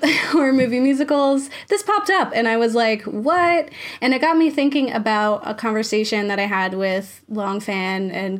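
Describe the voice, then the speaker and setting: A woman hosting a podcast in a chatty, casual manner, laughing often and using many fillers. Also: mid-range voice. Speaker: podcast host. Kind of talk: casual chat.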